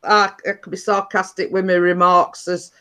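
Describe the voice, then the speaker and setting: A woman's voice: on the low side, flat delivery, normal speed, pushed and bright. A woman hosting a casual livestream chat, rambling along with sarcastic asides. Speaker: host.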